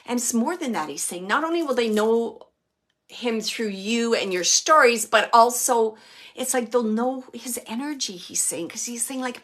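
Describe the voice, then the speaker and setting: A woman working as a medium, giving a live online reading from home in a gentle, reassuring way with many fillers and restarts. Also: on the high side, lively intonation, moderate pace. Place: home, with a small dog nearby.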